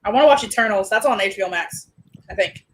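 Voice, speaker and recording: A woman co-hosting a casual chat about films and shows, excitable and slangy with loud outbursts. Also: mid-range voice, fast, low-quality recording. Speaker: podcast co-host.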